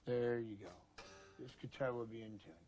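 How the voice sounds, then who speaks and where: A guitar instructor from the U.S. gives a homespun setup demo at a moderate pace, with a mid-range voice. He keeps things casual and refers to viewers as "folks" and "gang."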